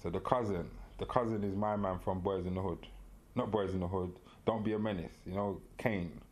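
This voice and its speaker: A man's voice: deep voice, steady tone, a little fast, a little mellow. A man co-hosting a podcast, animatedly retelling a story in casual chat, full of slang and laughter. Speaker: podcast co-host.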